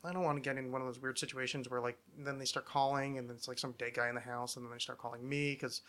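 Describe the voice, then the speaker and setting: A man's voice: mid-range voice, flat delivery, fast talker, fairly bright tone. A man from New Jersey hosting a podcast, with a light, not resonant voice and a rambling, jokey way of talking. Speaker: podcast host. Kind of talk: casual podcast chat.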